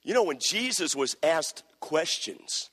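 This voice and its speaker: A male pastor preaching to his church with a husky, slightly higher voice. He moves between quiet confiding stretches and loud shouted passages. The sound rings with the long reverb of a church hall. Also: very animated, unhurried. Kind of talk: sermon.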